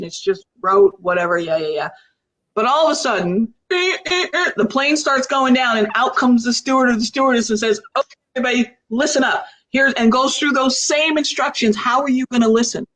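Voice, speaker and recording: A woman's voice: on the high side, fairly bright tone. Woman livestream host, upbeat, laughs easily, talks in rhetorical questions. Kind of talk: livestream coaching interview.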